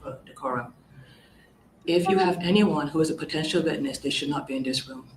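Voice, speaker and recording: A woman commissioner presiding over a hearing, reading out procedure in a formal, measured and firm way. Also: low voice, a little hiss or hum, rough recording.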